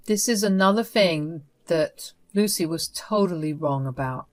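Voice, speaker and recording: A woman's voice: lowish voice, expressive, unhurried, few pauses. A woman narrating a first-person story in a tense, dramatic retelling.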